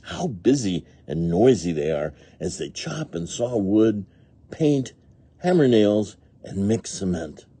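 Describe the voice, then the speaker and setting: Slow, lively man reading to children. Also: on the low side, breathy edge. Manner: imitates animal and machine sounds; asks young listeners questions. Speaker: read-along narrator. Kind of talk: reading a picture book aloud to children.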